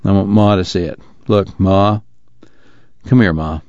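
A man's voice: deep voice, fairly even intonation, measured pace, a little mellow, no room sound. A man reading the part of a blunt, worried young farm son, urgent and plain-spoken, on a dull lo-fi recording.

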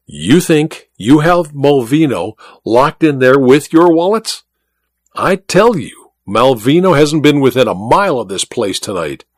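A man voicing an excitable, well-dressed gentleman who rushes in with alarming news. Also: mid-range voice, dry recording, clean studio sound. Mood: agitated. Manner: excited, insistent, breathless urgency. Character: excitable dapper gentleman bearing urgent news.

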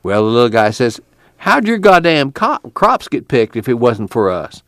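A man's voice: medium pitch, big pitch swings, normal speed, fairly bright tone, dry recording, clean studio sound, pitched above the performer's own voice. Man playing a tubby, cussing migrant. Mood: indignant. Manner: rambling, profane storyteller. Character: tubby, talkative male migrant worker.

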